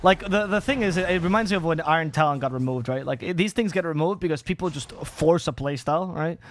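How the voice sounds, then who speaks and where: Male esports caster, quick and animated, slightly higher voice, faint noise. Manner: fast, animated, opinionated. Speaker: esports commentator. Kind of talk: casual panel chat.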